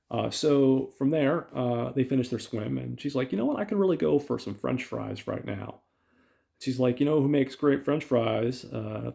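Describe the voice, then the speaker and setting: A man's voice: medium pitch, gravelly, dark tone. A man hosting a podcast, casually retelling a film's plot with lots of fillers and quoted lines. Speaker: podcast host. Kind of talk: casual film recap.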